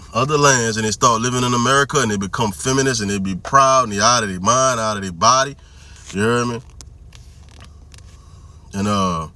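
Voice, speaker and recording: Brief: male vlogger, bright tense voice, loose slangy street-preacher delivery, keeps asking the listener if they hear him. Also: lowish voice. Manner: slangy, repeats "you hear me?", reads scripture slowly. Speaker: religious commentary vlogger. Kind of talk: casual preaching commentary.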